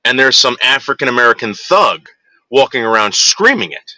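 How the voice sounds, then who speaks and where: A man's voice: mid-range voice, very animated, normal speed, bright, forceful tone, no room sound. A man ranting heatedly to his viewers in a monologue, with profanity and frequent restarts. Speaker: vlogger.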